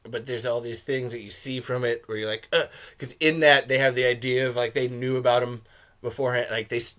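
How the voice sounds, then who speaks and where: A man rants casually about a film, swearing freely and rambling between points. His voice is bright and fairly high, and at times it jumps up into excited shouts. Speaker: podcast host. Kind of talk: casual film review rant.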